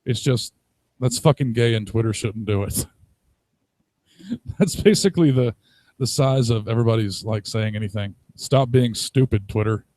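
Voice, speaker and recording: A man's voice: lowish voice, animated, normal speed, long pauses, a little mellow, dry recording. A man co-hosting a casual chat, talking in a rambling, crude way and laughing often. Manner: rambling, crude, laughs a lot, acts out quotes. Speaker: podcast co-host.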